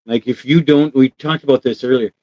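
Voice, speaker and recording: A live show host runs a casual stream with enthusiasm, questioning his guest, answering chat, and acting out quoted voices. His medium-pitched voice is steady and brisk, the recording dry with the highs cut off.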